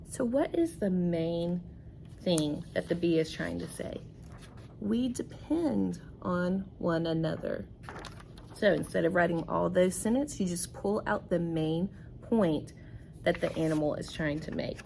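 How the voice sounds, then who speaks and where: Teacher lady walking kids through a worksheet, slow and patient, bit of vocal fry. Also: lowish voice, darkish tone, a little hiss or hum. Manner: patient, explaining step by step. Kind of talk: recorded reading lesson.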